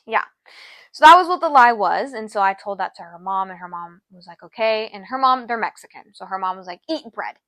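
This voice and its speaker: A woman's voice: mid-range voice, animated, brisk, fairly bright tone, dry recording. Young woman on a podcast telling a story, earnest, emotional, dry close sound. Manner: earnest, emotional, acts out quoted voices. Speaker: podcast co-host. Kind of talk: casual personal storytelling.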